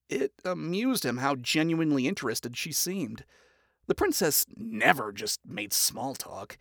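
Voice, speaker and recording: A narrator reading fan fiction aloud in an expressive, storytelling manner. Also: mid-range voice, no room sound, clean studio sound.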